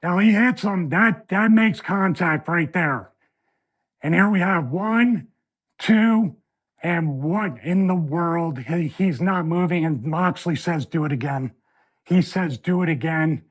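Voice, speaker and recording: A man hosting a video breakdown from his home studio, analyzing a wrestling match in an animated way that builds toward a rant. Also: sits high, takes it slowly.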